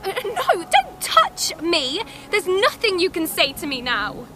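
A shrill, jealous British girl. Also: wildly swooping pitch, unhurried, bright, forceful tone, a faint crowd, a little hiss or hum, full character voice. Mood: furious. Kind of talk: radio drama acting.

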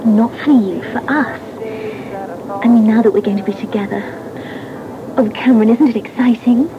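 A woman's voice: a little high, normal speed, noisy background, natural voice. A woman playing a dreamy, eager young Englishwoman. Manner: earnest, dreamy and chatty. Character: eager young woman eloping with her lover. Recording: dull radio audio with music.

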